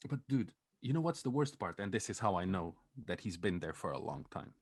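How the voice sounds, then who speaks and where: A husky young man with a fairly low voice and a lively, swinging delivery. He tells a story on a podcast, swears freely, laughs often and acts out what other people said. The recording is dry and close. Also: fairly quick, no echo. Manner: swearing, animated, laughing often, acting out quotes. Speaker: podcast co-host. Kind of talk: casual comedic storytelling.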